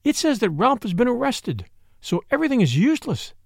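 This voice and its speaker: A man voicing a proud young woman working as a maid, speaking quietly, dry and earnest. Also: very high-pitched, sing-song, brisk, creaky, no room sound, voice pushed up, heavily acted.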